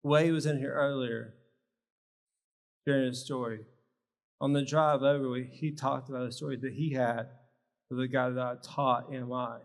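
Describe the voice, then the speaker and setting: A man's voice: medium pitch, fairly even intonation, moderate pace, pauses often. A man giving a live workshop talk at a health symposium, teaching with short, emphatic phrases. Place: large church hall. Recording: long reverb of a large hall.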